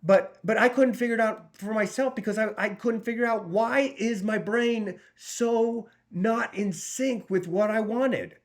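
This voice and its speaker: A man's voice: high-pitched, a little slow, hardly any pauses. A man in his forties, talking straight to camera as a recovery coach, blunt and profane, with many restarts. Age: 40s. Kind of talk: casual direct-to-camera talk.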